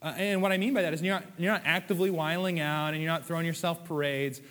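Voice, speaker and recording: A man's voice: fairly high pitch, fairly even intonation, fast talker, fairly bright tone, in a large hall. A man preaching a sermon in a conversational way, with playful acted asides. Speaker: pastor.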